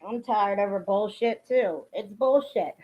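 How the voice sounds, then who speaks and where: A woman's voice: mid-range voice, a little slow. Blunt, profane woman streamer, lo-fi sound. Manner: blunt, profane, greets chat viewers by name. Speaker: livestream host. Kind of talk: casual livestream chat. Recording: dull lo-fi stream audio.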